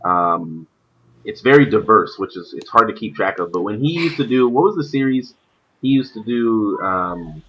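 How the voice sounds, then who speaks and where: Low-voiced young man hosting a stream. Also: animated, moderate pace, dull audio, slight background noise. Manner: rambling, many fillers. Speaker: stream host. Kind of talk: casual gaming chat. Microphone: voice call.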